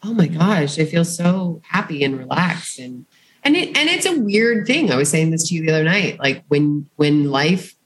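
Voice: mid-range voice, big pitch swings, normal speed, rough recording. A co-host in a casual chat, chatty and rambling with many restarts. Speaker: podcast co-host.

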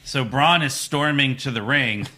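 A man co-hosting a podcast, recapping wrestling with animated, jokey remarks. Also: mid-range voice. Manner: animated, jokey, quick reactions. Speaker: podcast co-host. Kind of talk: casual wrestling recap chat.

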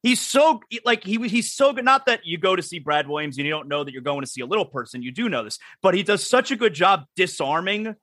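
A man hosting a radio talk show, telling stories in an animated way and acting out what people said. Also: high-pitched, fairly quick, hardly any pauses, dry recording, studio quality. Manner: animated storytelling, acts out quotes. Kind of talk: casual talk show banter.

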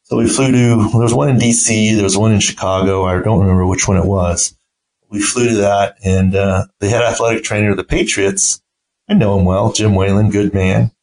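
A man's voice: lowish voice, a little fast, a little mellow, rough recording. A middle-aged man, a podcast host and team doctor, telling an anecdote in a casual way and acting out the quoted voices. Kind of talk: casual storytelling.

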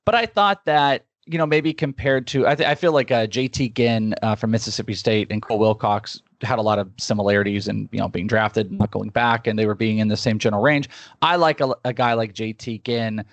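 A man's voice: on the low side, brisk, dry recording. A man guesting on a sports podcast, talking casually with frequent laughs. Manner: laughs often, lots of fillers and restarts. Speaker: podcast guest, baseball analyst. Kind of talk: casual interview talk.

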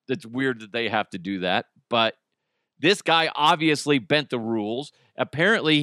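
Male podcast host in his thirties: blunt, crude, self-mocking; bright tone, dry close mic. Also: medium pitch, no room sound. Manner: profane, blunt, self-mocking, laughs often. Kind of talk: casual solo podcast rant.

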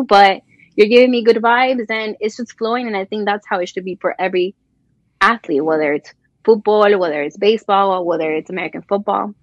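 A woman from Colombia talks as a guest in a casual interview and tells lively stories, acting out what people said. Her voice sits at a middle pitch. The recording is a little dull and lo-fi, with a dry, close sound. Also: no room sound. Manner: animated storyteller, acts out quoted voices. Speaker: guest, sports journalist.

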